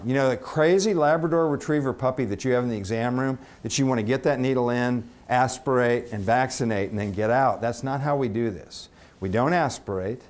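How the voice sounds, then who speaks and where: A man giving a conference lecture as a veterinarian, chatty and halting with restarts, quizzing the audience. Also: mid-range voice, darkish tone. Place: conference room.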